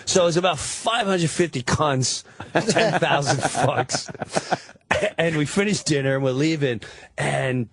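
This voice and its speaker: A man, a guest comedian, telling a story in an animated, casual way, full of quick restarts and laughter. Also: a little high, dry recording.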